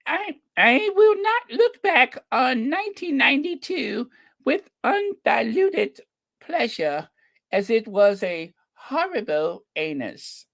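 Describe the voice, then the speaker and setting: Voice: sits high, sing-song, slow pace, gravelly, a bit bright, voice pushed up, full character voice. An American commentator doing a mocking impression of an elderly British queen in a put-on upper-class English accent, stilted and mock-regal. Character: impression of an elderly female British monarch, stately.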